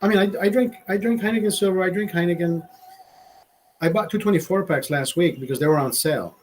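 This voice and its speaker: A man's voice: high voice, a little fast, poor audio. Rambling, profane man on a livestream. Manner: rambling, profane, stammering restarts; laughs at own jokes. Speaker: livestream host. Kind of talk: casual livestream chat.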